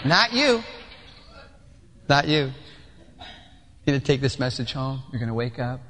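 Male pastor, sermon delivery; high, bright, acts out scenes with voices; big reverberant church sound. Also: measured pace, long pauses, slight background noise. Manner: animated, acts out little scenes in different voices. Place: church sanctuary.

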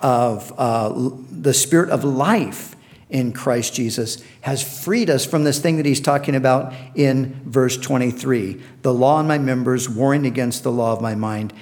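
A man preaching a sermon, earnest and emphatic, slowing down to quote scripture and often repeating words as he restarts. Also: mid-range voice, a little mellow. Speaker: pastor.

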